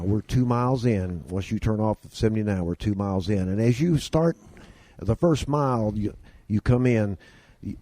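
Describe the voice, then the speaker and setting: A man's voice: lowish voice, warm tone, no room sound. A man, telling folksy stories as a guest and doing the voices of the people in them. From Kentucky. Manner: drawling yarn-spinner doing voices of people in his stories. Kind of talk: folksy storytelling.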